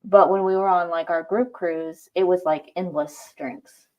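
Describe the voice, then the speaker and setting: A woman's voice: fairly low pitch, fairly even intonation, measured pace. Chatty woman, dull lo-fi sound. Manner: chatty, asks questions. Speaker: livestream co-host. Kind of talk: casual chat.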